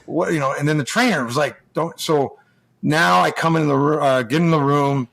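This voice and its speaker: A man's voice: on the high side, normal speed, creaky, a bit bright. An American man, a former hockey player, telling long stories in a rambling way, with many restarts and acted-out quotes. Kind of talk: casual storytelling.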